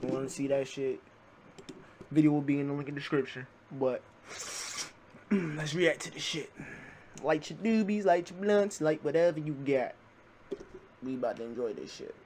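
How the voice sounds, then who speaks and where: A man hosting a reaction video, talking casually and yelling excitedly at what he watches. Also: fairly high pitch, moderate pace, long pauses, a little hiss or hum. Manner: excitable, yells at the clips, heavy swearing. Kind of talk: casual profane reaction commentary.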